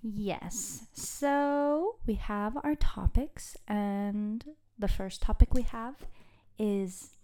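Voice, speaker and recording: A young woman co-hosting a podcast, chatting in a playful, excitable, dramatic way. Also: medium pitch, extremely slow. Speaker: podcast co-host. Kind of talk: casual chat.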